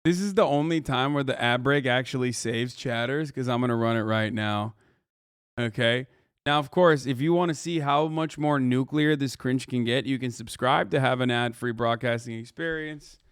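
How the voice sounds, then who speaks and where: A man's voice: mid-range voice, normal speed, clear, resonant tone, dry recording, studio quality. A man in his thirties hosting a livestream, reacting in casual, sarcastic and profane commentary. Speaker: livestream host.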